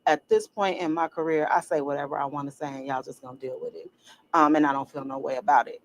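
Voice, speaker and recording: Middle-aged woman chatting on a podcast, animated, does the voices when she tells a story. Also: sits low, quick pace. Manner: animated storyteller, acts out quotes. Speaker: podcast co-host. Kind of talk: casual chat.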